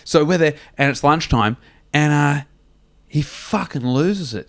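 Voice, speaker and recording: A man's voice: on the high side, unhurried. A man, telling a profane comic story on a podcast. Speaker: podcast co-host. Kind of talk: casual comedic storytelling.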